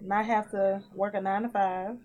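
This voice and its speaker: A woman's voice: mid-range voice, little pitch movement, moderate pace, a little mellow, lo-fi sound. Hesitant woman guest on a podcast. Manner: hesitant, thoughtful, with fillers. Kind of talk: casual podcast chat.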